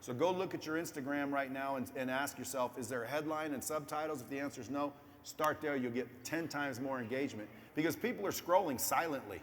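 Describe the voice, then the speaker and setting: A man's voice: medium pitch, brisk, few pauses, fairly bright tone. Blunt, profane man in an echoey room. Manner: blunt, profane, speaks straight to viewers. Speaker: guest entrepreneur. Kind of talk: casual interview advice. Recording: echoey room with faint background noise.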